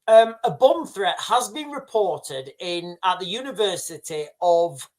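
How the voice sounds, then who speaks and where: A man's voice: high-pitched, lively intonation, a little slow. A man hosting a casual livestream, rambling through the news with many fillers and restarts. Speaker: livestream host. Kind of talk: casual live commentary.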